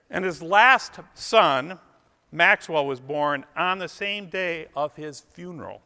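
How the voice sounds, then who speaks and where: A man's voice: fairly high pitch, animated, slow, pushed and bright, in a large hall. A man emceeing a club dinner, telling folksy, self-deprecating jokes and trivia to a live audience. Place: event hall with a live audience.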